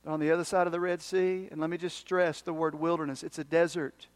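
High-voiced pastor preaching. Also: male voice, little pitch movement, smooth. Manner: dramatic swings from loud emphasis to hushed, near-whispered asides; speeds up and slows down for emphasis. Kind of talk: sermon.

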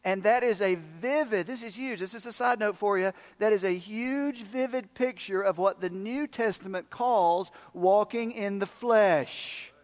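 High-voiced pastor preaching. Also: male voice. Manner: dramatic swings from loud emphasis to hushed, near-whispered asides; speeds up and slows down for emphasis. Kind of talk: sermon.

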